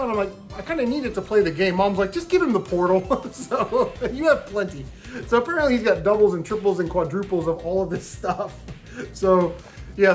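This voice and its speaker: A man casually telling stories from his video game hunting trip, swearing freely and mimicking the people he bargained with. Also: high-pitched. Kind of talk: casual storytelling vlog.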